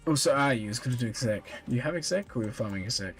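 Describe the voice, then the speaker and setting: In a quick, mid-range voice with faint music in the background, a tired male streamer keeps up casual live-stream chat while going through viewers' game accounts. He's relaxed and talkative, answering chat comments with small laughs.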